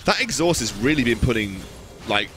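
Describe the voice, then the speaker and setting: A man's voice: medium pitch, big pitch swings, normal speed, noisy background. A man casting a live esports match, giving chatty, joking analysis. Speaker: esports caster.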